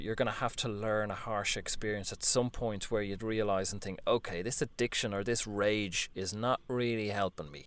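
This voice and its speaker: A man talking earnestly in a reflective spiritual monologue, gently coaching the listener and laughing softly now and then. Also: lowish voice. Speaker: spiritual vlogger.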